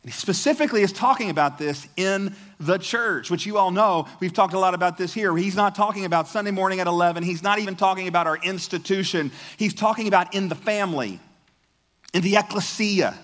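High-voiced man preaching in a reverberant hall. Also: a little fast. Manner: conversational, animated preaching with repeated words. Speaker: pastor. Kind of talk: sermon.

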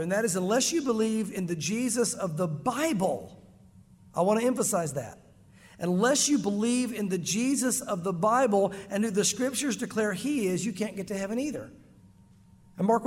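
High-voiced preacher in a reverberant hall. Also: male voice. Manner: emphatic, conversational preaching with repeated "bottom line". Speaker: pastor. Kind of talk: sermon.

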